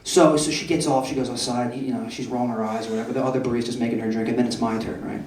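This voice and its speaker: A man's voice: mid-range voice, steady tone, rapid-fire, a little mellow, far from the mic. A young man doing a stand-up comedy set in a club, brash and profane, often asking the crowd "right?". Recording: roomy club echo, voice off-mic.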